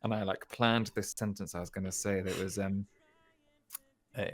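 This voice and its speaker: A man, a guest on a casual livestream chat, telling stories in a lively, self-mocking way. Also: deep voice, normal speed, faint music behind. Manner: self-deprecating, animated storyteller.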